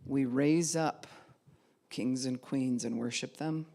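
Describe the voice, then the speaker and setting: A woman pastor preaching a sermon, acting out quoted voices and dropping to a soft hush at times. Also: rumbling low, takes it slowly.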